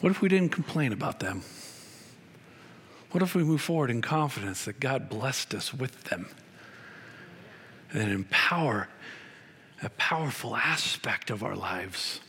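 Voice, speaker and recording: A man preaching a sermon as pastor, emphatic and repetitive, with wide swings in pitch. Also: expressive, a little slow, long pauses, fairly bright tone, breathy edge.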